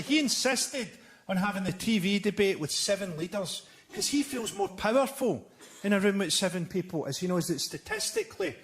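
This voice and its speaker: A Scottish man doing a stand-up comedy set on a live stage, delivering dark jokes in a dry, deadpan way. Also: high voice, normal speed. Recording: live show with loud ambient noise.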